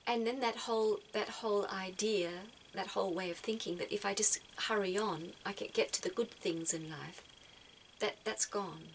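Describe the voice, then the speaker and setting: A woman speaks gently and reflectively, often repeating words as she gathers her thoughts. Her voice sits in an ordinary middle pitch. A faint noise stays in the background. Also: moderate pace, poor audio. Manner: soft-spoken, repeats words as she thinks. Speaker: spiritual vlogger giving advice.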